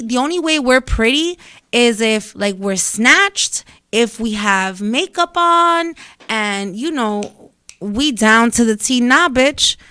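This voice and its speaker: Blunt, profane young woman, smooth voice. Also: fairly high pitch, a bit bright, no room sound, clean studio sound. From Dominican family in New York. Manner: blunt, profane, rambling storytelling. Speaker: vlogger. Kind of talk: casual monologue to camera.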